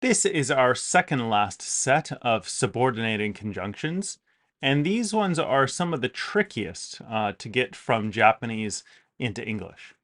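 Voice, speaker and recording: A man teaching an English grammar lesson, explaining with clear emphasis and repeated example sentences. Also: mid-range voice, very animated, unhurried, fairly bright tone.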